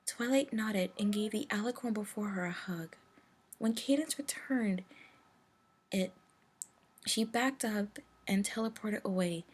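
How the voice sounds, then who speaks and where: A woman reading a fan fiction story while sick with a cold. Her voice is hoarse, gravelly and breathy. She chats casually and apologetically to her listeners. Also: medium pitch. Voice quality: raspy, gravelly. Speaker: story reader.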